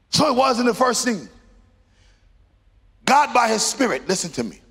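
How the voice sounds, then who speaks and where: A middle-aged pastor preaching a sermon, rising into emphatic bursts and sung phrases. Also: male voice, high-pitched, big pitch swings, brisk, long pauses, fairly bright tone, husky. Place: church sanctuary. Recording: long reverb of a large hall.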